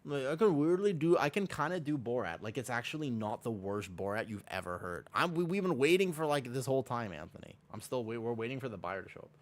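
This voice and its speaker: A man's voice: medium pitch, animated, fast, hardly any pauses. A man streaming a game and chatting casually with viewers while playing. He rambles and corrects himself often, and he has a sore throat and feels slightly sick. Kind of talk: casual livestream chat while gaming.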